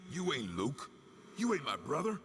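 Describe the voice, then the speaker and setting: An actor playing a blunt, angry antihero in a game. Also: male voice, mid-range voice, wildly swooping pitch, normal speed. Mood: defiant. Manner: blunt and defiant. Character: tough, angry male antihero in his prime.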